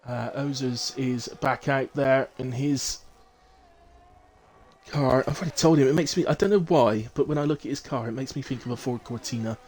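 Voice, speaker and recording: A man's voice: mid-range voice, darkish tone. A middle-aged man giving chatty live commentary on a sim race, with jokey asides.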